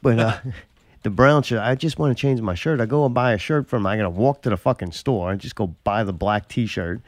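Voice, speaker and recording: A man's voice: on the low side, fairly quick, no echo. A man chatting casually, telling long profane stories that build into exasperated rants. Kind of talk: casual chat.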